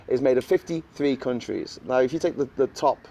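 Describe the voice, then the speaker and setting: A man's voice: mid-range voice, a little fast, mellow, distant mic, highs cut off. A man from the UK hosting a casual political podcast, explaining with confidence and drifting into tangents. He is recorded outdoors in the wind. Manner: chatty, digressive, confident explainer. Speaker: podcast host. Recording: faint background noise, outdoors with wind.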